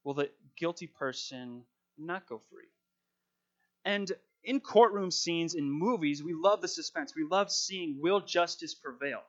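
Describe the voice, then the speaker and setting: Muffled higher-voiced male preacher. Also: unhurried. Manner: dramatic scripture reading, then conversational preaching with fillers. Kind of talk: sermon with scripture reading.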